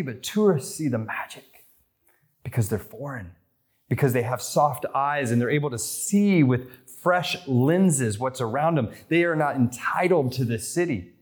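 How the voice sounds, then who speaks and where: American pastor preaching a sermon. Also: male voice. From United States. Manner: storytelling, rises in pitch for quoted voices and excitement.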